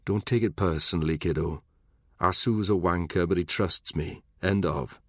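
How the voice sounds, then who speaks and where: A man voicing a gruff, blunt soldier in an audiobook. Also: low voice, normal speed, dry recording, clean studio sound.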